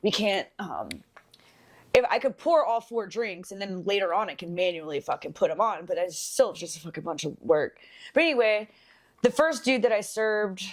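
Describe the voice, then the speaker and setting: A young woman co-hosting a podcast, telling a bartending story in a casual, swearing, animated way. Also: mid-range voice, normal speed. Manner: swears freely, animated when quoting people.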